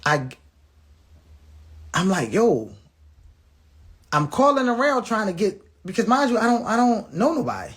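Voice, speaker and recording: A man's voice: sits high, wildly swooping pitch, unhurried, long pauses, a bit bright, slightly rough. A man telling viewers a personal story in a blunt, profane way, restarting his words and acting out what people said. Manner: blunt, profane, acts out quoted dialogue; repeats and restarts words often.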